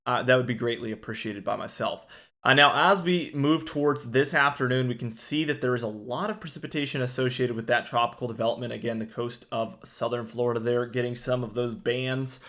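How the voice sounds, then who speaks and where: A man giving a casual weather forecast over maps, relaxed and talkative, with frequent fillers and restarts. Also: mid-range voice, a little fast.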